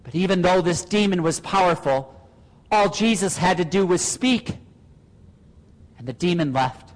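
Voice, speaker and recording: A pastor delivers an earnest sermon, pressing his listeners with rhetorical questions. His voice sits very high for a man. The sound rings out with the long reverb of a church hall. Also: expressive, a little slow.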